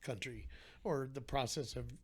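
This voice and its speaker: A man's voice: medium pitch, normal speed. A man talking as a podcast guest, telling his story in an earnest, heartfelt way with frequent restarts. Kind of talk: candid conversational storytelling.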